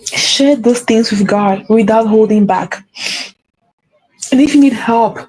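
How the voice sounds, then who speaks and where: A woman's voice: fairly high pitch, takes it slowly, darkish tone, poor audio. A woman giving an earnest spiritual pep talk as a faith coach, repeating key phrases for emphasis.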